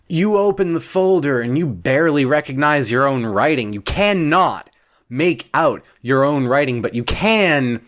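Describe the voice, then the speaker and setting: A man telling an absurd second-person bedtime story in a deadpan, wandering way. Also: a little high. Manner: slow, deadpan, wandering delivery.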